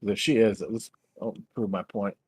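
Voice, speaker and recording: A man's voice: on the low side, fairly even intonation, moderate pace, darkish tone, breathy edge, dry recording. A man hosting a stream, rambling in casual, crude chat and laughing easily. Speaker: stream host.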